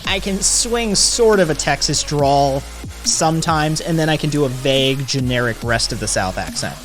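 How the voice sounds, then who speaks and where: A man's voice: a little high, animated, moderate pace, a bit bright, soft background music. A man hosting a live stream, chatting casually in a rambling, profane way. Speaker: streamer host.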